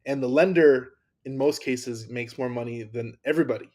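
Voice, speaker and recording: A podcast host with a medium-pitched, darkish voice talks at a normal pace in a casual interview conversation. He's enthusiastic and often repeats words as he speaks.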